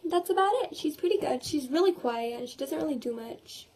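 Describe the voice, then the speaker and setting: A woman's voice: sits high, animated, fairly quick, darkish tone. A teenage girl chatting in a casual video diary, retelling her day with quoted voices and laughs. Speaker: vlogger.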